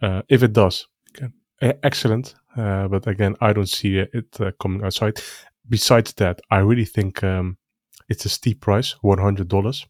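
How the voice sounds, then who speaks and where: A man's voice: lowish voice, steady tone, moderate pace, darkish tone, no echo, clean studio sound. A man co-hosting a casual chat, speaking hesitantly with frequent restarts. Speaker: co-host.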